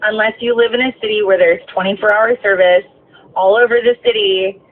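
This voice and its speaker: A woman's voice: mid-range voice, fairly even intonation, a little fast, a little hiss or hum. Ranting woman bus driver, tinny recording. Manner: ranting, swearing, many fillers. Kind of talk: casual storytelling rant while driving. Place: inside a moving bus.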